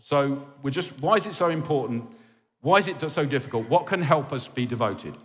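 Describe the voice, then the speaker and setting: A man's voice: mid-range voice, expressive, a little fast. A man preaching a sermon as a pastor, pleading and impassioned, often checking in with his listeners. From England. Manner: impassioned and pleading, with frequent "okay?" check-ins. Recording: reverberant hall.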